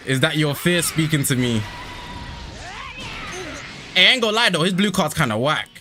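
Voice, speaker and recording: Excitable young man streaming a game. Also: fairly high pitch, a little slow, long pauses. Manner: casual, excitable, slangy. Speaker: gaming streamer. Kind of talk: live game commentary. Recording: stream with game music behind.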